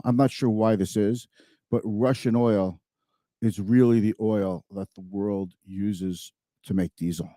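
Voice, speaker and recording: A man's voice: fairly low pitch, steady tone, a little slow, mellow, dry recording, studio quality. A man hosting a finance show, giving casual market commentary in a chatty, thinking-aloud way and often correcting himself mid-sentence.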